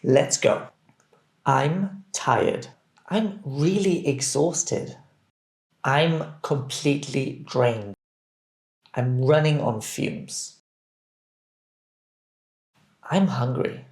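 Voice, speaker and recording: A male English teacher works through a scripted drill, stretching every phrase out at a very slow, careful pace. His voice sits at an ordinary middle pitch. The room adds a noticeable echo around him. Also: a little mellow. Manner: deliberate, carefully enunciated phrases for learners to repeat. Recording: roomy echo.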